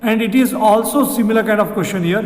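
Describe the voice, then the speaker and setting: Indian English teacher, male, high voice, patient and repetitive, recorded in a reverberant room. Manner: explains slowly, repeats sentences, asks rhetorical questions. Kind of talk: exam question walkthrough. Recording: echoey room with long reverb.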